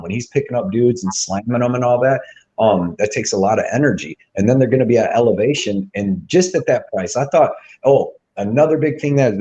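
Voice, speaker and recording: Low mellow guy rambling about his fight bets, super casual, lots of dude and you know what i mean. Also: rough recording. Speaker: co-host of a betting show. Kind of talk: casual sports betting chat.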